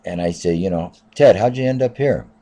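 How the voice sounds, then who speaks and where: A man in his fifties with a low, deep voice tells a story from his taxi rounds. His tone is soft and mellow, and he rambles along casually, stacking up "I said" and "uh" as he goes. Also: a little fast. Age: 50s. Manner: rambling, repeats "I said" and "uh". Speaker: taxi driver.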